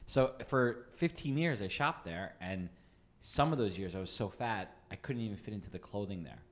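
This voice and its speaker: A man co-hosts a casual podcast chat, his lowish voice animated at a normal pace. He tells long, rambling stories packed with fillers and restarts.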